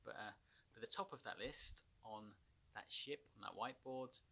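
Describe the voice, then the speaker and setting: Man, ex-marine vlogger, gravelly and bright, rambling storytelling with sighs. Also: medium pitch. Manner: rambling, halting, with nervous laughs and sighs. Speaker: former marine turned anxiety consultant. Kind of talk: personal storytelling to camera.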